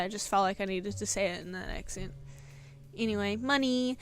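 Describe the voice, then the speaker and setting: A woman's voice: medium pitch, fairly quick, soft background music. Chatty New woman, rambling art stream. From New Zealand. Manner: rambling, self-mocking, laughs between thoughts. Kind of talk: casual chat while drawing on stream.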